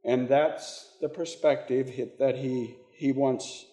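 An older man delivers a sermon at an unhurried pace. His voice sits at an ordinary middle pitch, and he talks haltingly, with frequent restarts and fillers as he gathers his thoughts. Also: steady tone, dark tone. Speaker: preacher.

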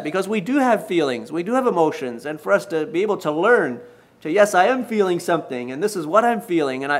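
A man in his sixties preaching to husbands in a folksy storytelling manner, with restarts and gentle self-mockery. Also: fairly high pitch. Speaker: pastor. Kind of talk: sermon to married men.

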